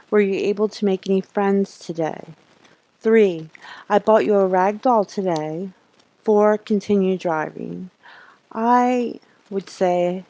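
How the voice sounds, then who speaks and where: A woman's voice: mid-range voice, dark tone, rough recording. A woman streamer reading a horror game's text aloud, adding her own asides and laughs. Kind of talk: reading a game aloud live.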